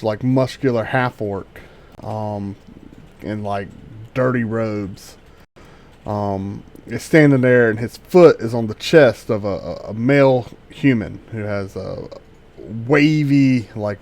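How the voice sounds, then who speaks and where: A man narrating a tabletop game as game master, halting and full of fillers and restarts. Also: on the low side, a little mellow.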